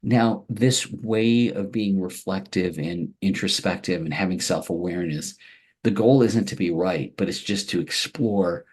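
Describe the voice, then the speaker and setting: A man giving a training lecture to caregivers in a soft, warm way, often checking in with "right?" and repeating "again". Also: deep voice, a little slow, breathy edge.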